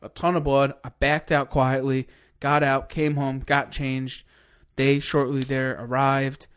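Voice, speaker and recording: A man telling a long hunting story in casual podcast chat, excited and cursing freely. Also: medium pitch, a little slow, clean tone. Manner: excited, swears a lot, rambling hunting story. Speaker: podcast guest.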